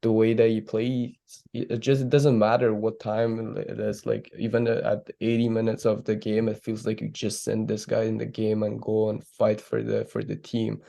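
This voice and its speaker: Earnest male podcast co-host, rambling; dark gravelly voice. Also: fairly low pitch, completely flat delivery, moderate pace. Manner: rambling, earnest, many fillers. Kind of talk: casual sports chat.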